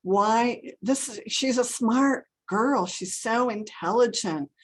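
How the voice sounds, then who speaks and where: A woman's voice: on the high side, slow pace. An older woman sharing a family worry with her study group over a video call, earnest and rambling, upset and close to tears. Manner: earnest, rambling, full of fillers. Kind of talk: emotional personal sharing.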